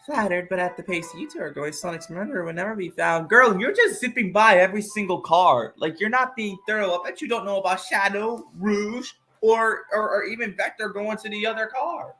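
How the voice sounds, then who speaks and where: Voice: mid-range voice, fairly quick, few pauses, sharp tone, soft background music, voice pushed up, close to an everyday voice. A player voicing a pushy young female hedgehog reporter, in a perky, teasing and self-assured manner. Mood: smug. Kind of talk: voicing game dialogue.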